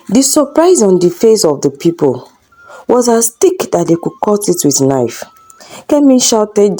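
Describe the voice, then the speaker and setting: A woman narrating a folktale with dramatic, expressive storytelling. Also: mid-range voice, measured pace, soft background music.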